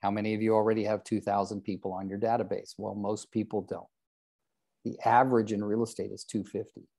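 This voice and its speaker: A man's voice: on the low side, little pitch movement, brisk, creaky, dark tone. An older man coaching real estate agents in a live group session, joking at his own expense and calling on trainees by name. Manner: joking, self-deprecating, calls on trainees by name.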